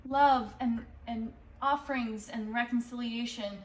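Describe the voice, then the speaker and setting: A woman gives a tarot reading in a loose, rambling way, swearing now and then. She talks slowly in a slightly high voice. She sits some way from the mic in an echoey room. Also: far from the mic. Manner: rambling, animated, swears and laughs. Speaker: tarot reader.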